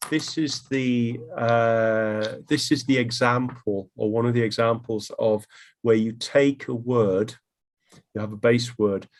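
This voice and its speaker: A male English teacher runs an online class at a mid pitch. He talks in a loose, chatty way, with frequent fillers and restarts as he walks students through an exercise. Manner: relaxed, chatty, many ums and restarts.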